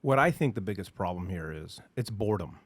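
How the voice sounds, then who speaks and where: A man with a mid-range voice rants in a lively way on a podcast, now and then mimicking people for effect. The sound is dry and close, with no room echo. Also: deep voice, fairly quick, breathy edge. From Arizona, United States. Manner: animated ranting, mocking voices. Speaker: podcast co-host. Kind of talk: casual podcast discussion.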